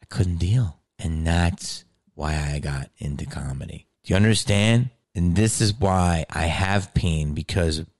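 Animated, profane man with a low voice. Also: measured pace. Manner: animated and profane, acting out quotes. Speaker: actor and comedian. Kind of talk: casual storytelling.

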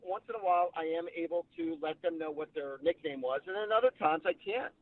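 A man's voice: fairly high pitch, fairly quick, no echo. Man telling stories over a tinny line. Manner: chatty, animated retelling with quoted dialogue. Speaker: psychic medium guest. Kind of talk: casual storytelling.

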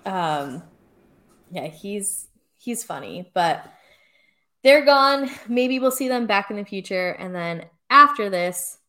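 A woman's voice: mid-range voice, animated, slow, pushed and bright. A young woman co-hosting a podcast, chatting casually with lots of fillers and frequent laughs. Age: young adult. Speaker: podcast co-host. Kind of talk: casual chat.

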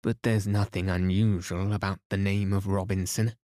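A man's voice: low-pitched, flat delivery, moderate pace, dark tone, dry recording, studio quality, close to an everyday voice. A man doing an anxious male companion. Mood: alarmed. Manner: exclaiming, anxious.

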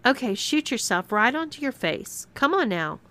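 A bossy young woman in a spoken story, teasing and commanding, pitched a little above the reader's own voice, as the woman narrator puts her on. She hands out orders with mock sweetness and open scorn. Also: big pitch swings, moderate pace, sharp tone, heavily acted.

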